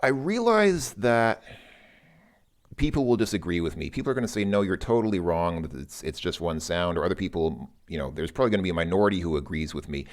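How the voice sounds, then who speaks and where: A man's voice: low-pitched, animated, quick pace. A man who is not a native Russian speaker, casually explaining how to pronounce a sound, rambling and correcting himself as he thinks aloud. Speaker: language learner explaining pronunciation.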